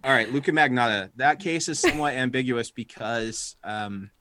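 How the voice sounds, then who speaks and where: An American man, a psychotherapist, chatting casually on a podcast, joking at times and explaining calmly. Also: mid-range voice, moderate pace, no room sound. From United States. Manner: playful, joking, then calm and explanatory. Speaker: guest psychotherapist.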